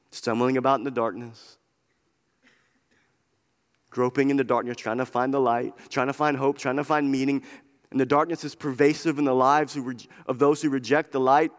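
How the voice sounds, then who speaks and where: A man's voice: mid-range voice, steady tone, moderate pace, long pauses. A man preaching a sermon, impassioned and repetitive, driving his points home with repeated phrases. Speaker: pastor. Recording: long hall reverb.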